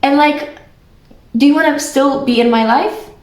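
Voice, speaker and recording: Brief: young woman, affectionate chatty vlogger, higher voice, roomy echo. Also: measured pace. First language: Polish. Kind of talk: casual heartfelt talk to camera.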